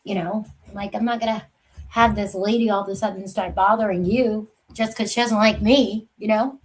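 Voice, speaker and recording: Lady on a livestream, medium voice, quiet and rambly, trails off a lot. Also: mid-range voice, steady tone, normal speed, rough recording. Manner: soft-spoken, rambling, trails off. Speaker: livestream host. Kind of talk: casual livestream chat.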